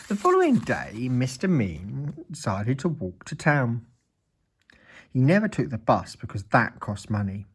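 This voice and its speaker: Husky, lively male storyteller. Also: medium pitch, measured pace. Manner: expressive, playful. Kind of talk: children's story reading.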